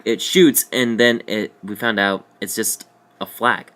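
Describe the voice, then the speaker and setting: A man's voice: lowish voice, steady tone, measured pace, a bit bright, clean tone. A young adult man vlogging, telling a comic story in a loose, rambling, jokey way with slangy asides.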